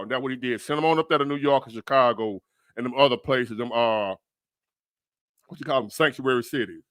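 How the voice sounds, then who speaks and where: A man's voice: medium pitch, fairly quick, fairly bright tone, no echo, clean studio sound. A man giving blunt, profane, rambling reaction commentary on a livestream. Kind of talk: reaction commentary on a news clip.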